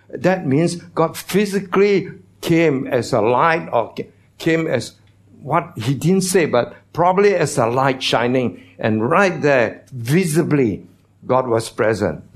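Slow-preaching man pastor. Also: mid-range voice. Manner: teaching, asks the congregation questions; non-native phrasing. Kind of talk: sermon.

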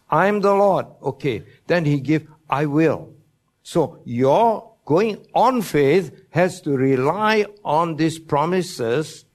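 A man with preaching a Bible lesson, stressing each promise and quizzing his listeners. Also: a little high. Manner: slow, deliberate, emphatic on quoted promises, asks the listeners questions. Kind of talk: Bible teaching sermon.

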